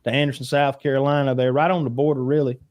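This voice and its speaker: A man's voice: medium pitch, level tone, fast talker, a little mellow, no room sound. A man in his forties from northeast Georgia co-hosts a podcast in easy, rambling chat. He is blunt and profane, and his mid-range voice sits in a dry, close sound with no room around it. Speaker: podcast co-host.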